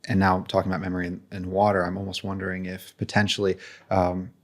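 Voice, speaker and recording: A man with a very deep, flat voice hosts an interview. He gropes for words as he speaks, restarting phrases and trailing off into fillers. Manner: halting, searching for words, many restarts. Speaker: podcast host. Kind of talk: conversational interview.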